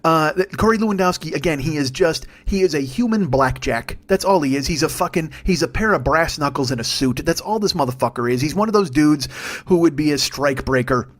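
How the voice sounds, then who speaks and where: A male comedian in his forties delivers a furious, profanity-laced rant, riffing freely from one jab to the next. His speaking voice sits slightly higher than most men's. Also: lively intonation, a little fast. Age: 40s. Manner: angry, sweary, riffing. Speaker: comedian podcast host.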